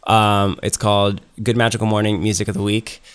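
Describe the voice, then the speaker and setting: A man's voice: lowish voice, flat delivery, brisk, clear, resonant tone. A man co-hosting a podcast in casual chat, rambling with lots of ums and restarts. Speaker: podcast co-host.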